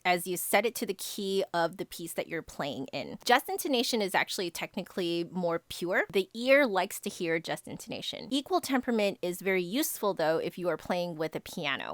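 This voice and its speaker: A woman flute teacher casually answering viewer questions in a relaxed, explanatory way. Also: mid-range voice, no echo, clean studio sound. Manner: explanatory, relaxed, hedges with "kind of".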